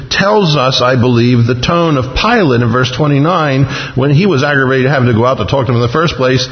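A man preaching an expository sermon, acting out the voices of the people in the text with sudden jumps in pitch. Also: moderate pace. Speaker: pastor. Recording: muffled sound in a reverberant hall.

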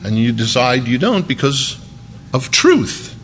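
A man's voice: medium pitch, very animated, measured pace, fairly bright tone, slight background noise. Folksy, conversational male preacher. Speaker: pastor. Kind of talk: sermon.

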